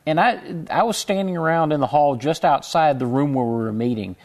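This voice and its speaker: A man with a faint Southern twang answers an interviewer's questions in a measured, halting way, starting over now and then and adding dry humor. His voice sits a little high and has a gravelly edge. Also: darkish tone. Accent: slight Southern twang. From Houston, Texas. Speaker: interview guest, computer consultant. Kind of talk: casual interview chat.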